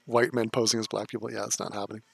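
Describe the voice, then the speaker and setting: A man's voice: lowish voice, flat delivery, racing, vocal fry, breathy edge, dry recording. A man doing casual live-stream commentary as he reacts to clips, sarcastic, profane and mocking.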